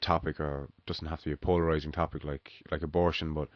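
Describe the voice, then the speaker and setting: A man with a very deep, low voice talks casually and swears freely in a podcast chat. He explains his points with everyday examples. The sound is dull and dry. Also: level tone, fast, no room sound.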